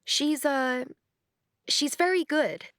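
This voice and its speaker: Woman playing a glamorous young actress in an audiobook, gushing and dreamy in her earnestness. Her mid-pitched voice sounds dry and close. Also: slow pace, a bit bright, no echo. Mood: earnest.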